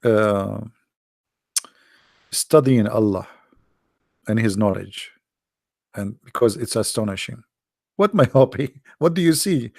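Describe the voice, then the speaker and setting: Hoarse gravelly man chatting on a livestream. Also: lowish voice, expressive, takes it slowly, pauses often, a little mellow, dry recording, studio quality. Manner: teasing, laughs often, answers viewer questions. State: hoarse, voice strained and coughing. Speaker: livestream host answering chat. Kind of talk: casual livestream chat. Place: at home behind a computer.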